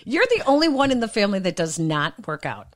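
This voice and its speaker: A woman's voice: medium pitch, big pitch swings, brisk, no echo, clean studio sound. A woman in her sixties hosting a casual podcast chat, upbeat and teasing. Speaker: podcast host.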